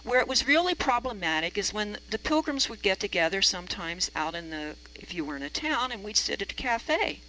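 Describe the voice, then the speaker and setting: A woman preacher spins a personal story in a chatty, self-deprecating way, her voice bright and forward. A faint hum sits under her voice. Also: mid-range voice, sing-song, brisk, hardly any pauses, low-quality recording. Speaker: reverend. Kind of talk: storytelling sermon.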